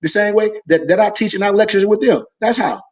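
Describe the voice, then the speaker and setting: A man's voice: sits high, a little fast. A man leads a Sunday school class. He preaches emphatically and with animation, drawing call-and-response answers from his listeners.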